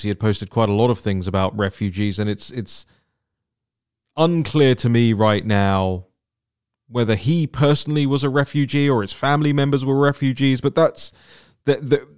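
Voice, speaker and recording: A man's voice: medium pitch, darkish tone, smooth, no echo, studio quality. A man hosting a solo political commentary podcast, talking in an indignant, emphatic way and repeating words for stress.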